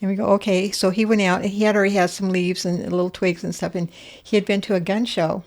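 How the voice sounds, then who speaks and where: An older woman guest in a casual interview, telling family stories in an animated way and acting out the voices of the people she quotes. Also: medium pitch, quick pace.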